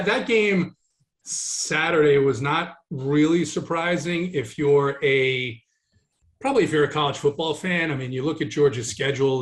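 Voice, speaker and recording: A man co-hosting a sports podcast, chatting casually and breaking down college football matchups. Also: mid-range voice. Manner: joking, then analytical. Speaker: podcast co-host.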